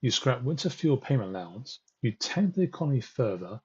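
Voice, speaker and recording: A man's voice: mid-range voice, very animated, a little fast, darkish tone, slightly rough, highs cut off. A man hosting a live political stream, commenting on election results with an exasperated, ranting manner as he reads the numbers out to viewers. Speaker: political livestream host.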